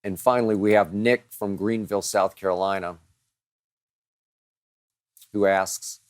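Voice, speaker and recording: A man's voice: lowish voice, steady tone, unhurried, dry recording, studio quality. A man hosting a show, answering listener questions in a dramatic, emphatic monologue that piles up strong words.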